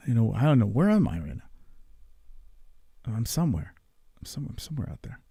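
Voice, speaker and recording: A man's voice: mid-range voice, vocal fry, dark tone, slightly rough, no echo, studio quality. A man hosting a stream, rambling and cursing in a giggly, intoxicated way. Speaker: streamer host. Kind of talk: casual stream chat.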